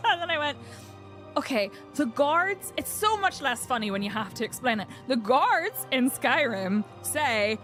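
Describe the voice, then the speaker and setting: A woman's voice: high voice, animated, normal speed, a bit bright, soft background music. A woman gaming streamer chatting casually over gameplay, giggling and repeating lines back.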